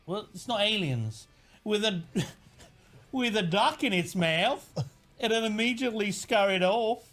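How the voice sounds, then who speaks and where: A man's voice: high-pitched, expressive, unhurried, fairly bright tone, soft background music, pitched above the performer's own voice. A man reading out a listener's spooky story as an Australian woman, in an exaggerated put-on Australian accent. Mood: storytelling.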